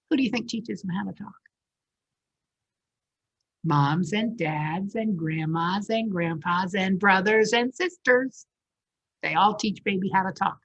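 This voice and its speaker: A woman's voice: medium pitch, breathy edge, lo-fi sound. A woman librarian reading a picture book aloud at a children's story time, asking the kids questions as she goes. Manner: animated, asks the children questions.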